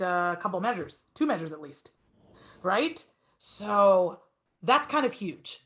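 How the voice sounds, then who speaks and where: Lively fast-talking woman piano teacher. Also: mid-range voice. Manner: talks fast and lively, stretches words for emphasis. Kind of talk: masterclass teaching.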